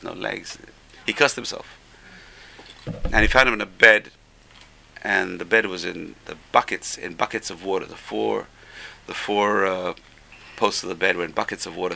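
A man's voice: mid-range voice, creaky, bright, forceful tone, poor audio. A man teaching a religious class who speaks in exclamations and uses Hebrew terms. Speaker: Torah teacher.

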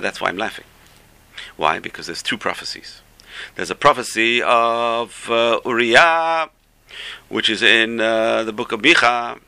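Guy teaching torah stories, gravelly voice, really bright and sharp, goes high for the quotes. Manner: animated storyteller, rising for quoted rabbis, dropping low for asides. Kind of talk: storytelling Torah lesson.

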